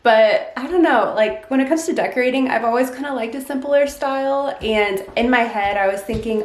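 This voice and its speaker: A woman's voice: on the high side, brisk, few pauses, reverberant. A young woman chatting casually as a mom vlogger, upbeat and full of fillers like "um" and "like". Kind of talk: casual home vlog narration. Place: home nursery and kitchen.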